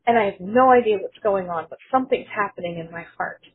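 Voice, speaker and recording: Breathy woman, earnest testimony, narrow phone-like sound. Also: medium pitch, brisk. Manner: earnest storytelling, quotes others in her own voice. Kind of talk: personal testimony.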